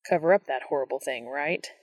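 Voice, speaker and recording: A woman's voice: low-pitched, a little fast, no echo, voice pushed down. A woman voicing a playful, teasing young man in a story reading.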